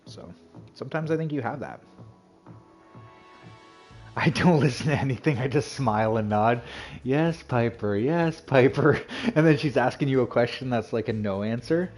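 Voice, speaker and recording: A man's voice: medium pitch, normal speed, pauses often, a little mellow, slightly rough, faint music behind. A man chatting casually on his game stream, rambling and full of fillers and restarts. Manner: rambling, filler-heavy, self-interrupting.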